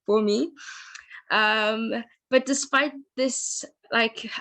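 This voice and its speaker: A woman, the bride, speaks her wedding vows over a video call late at night. She talks slowly and hesitantly, pausing on ums and laughing softly now and then. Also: medium pitch. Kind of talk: reading personal wedding vows.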